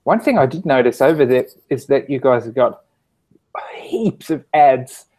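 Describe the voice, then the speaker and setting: An Australian man chatting casually as a guest, measured and pausing with "um" while he searches for words. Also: medium pitch, animated, a little mellow. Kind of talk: casual chat.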